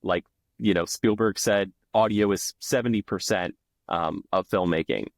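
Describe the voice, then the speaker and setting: A low-voiced man co-hosts a casual film podcast, talking with enthusiasm and rambling restarts. The sound is dry and close, with no room around it. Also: normal speed, vocal fry, dry recording. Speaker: podcast co-host.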